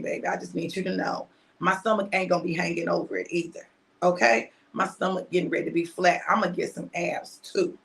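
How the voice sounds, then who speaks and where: Gravelly, forceful woman in her fifties. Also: mid-range voice. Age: 50s. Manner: emphatic and repetitive, preachy, jumps between loud and hushed asides. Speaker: motivational live-stream host. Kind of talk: casual motivational talk to viewers.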